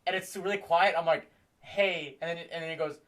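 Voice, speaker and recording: A young man on a casual group podcast, retelling his night in an animated way. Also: on the high side, fast talker. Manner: animated retelling with quoted voices. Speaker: podcast co-host.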